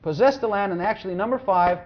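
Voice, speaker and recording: A pastor preaching a sermon, emphatic and repetitive, hammering each point home and sometimes mumbling quietly while looking something up. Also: mid-range voice, fast, a little hiss or hum. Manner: drops to quiet mumbling when searching for a verse. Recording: dull lo-fi recording.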